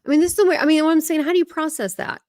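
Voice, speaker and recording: A woman's voice: sits high, fairly even intonation, racing, a little mellow, dry recording, clean studio sound. A woman being interviewed as a spiritual medium, talking animatedly and often breaking off and restarting her sentences. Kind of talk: casual interview chat.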